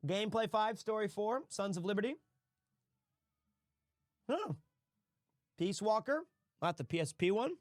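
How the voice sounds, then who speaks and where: Profane joking streamer man, high voice. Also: lively intonation, unhurried, pauses often, no room sound, clean studio sound. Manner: profane, joking banter with laughs. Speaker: streamer host. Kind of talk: casual stream chat.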